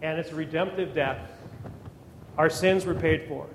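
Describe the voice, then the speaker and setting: A man's voice: on the high side, steady tone, normal speed, slight background noise. A man preaching a sermon as pastor, with emphatic rises and words repeated as he builds up. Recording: echoey hall with long reverb.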